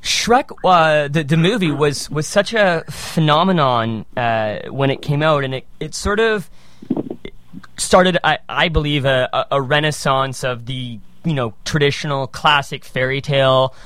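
A man interviewing a performer, asking questions with halting repeats. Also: on the high side, fairly bright tone, no echo.

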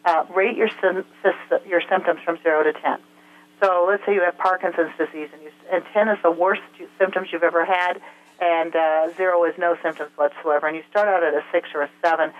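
A woman's voice: lowish voice, fairly even intonation, brisk. A woman speaking as a health expert guest in an interview, explaining things step by step with frequent filler sounds. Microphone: telephone. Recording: tinny phone line.

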